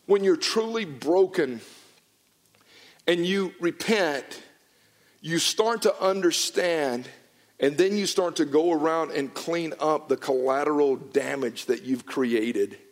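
A middle-aged man preaching a sermon as a pastor, earnest and emphatic, dropping low and hushed at times. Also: slow pace.

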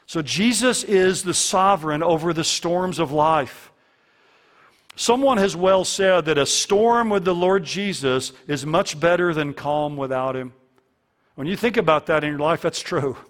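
A man's voice: on the high side, lively intonation, measured pace, a bit bright. A man preaching a sermon as a pastor, earnest and fond of repeating key lines for emphasis.

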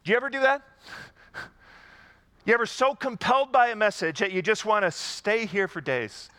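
A man's voice: high-pitched, moderate pace, pushed and bright. A man preaching a sermon to a congregation, in a conversational style with rhetorical questions and emphatic repetition. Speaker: pastor.

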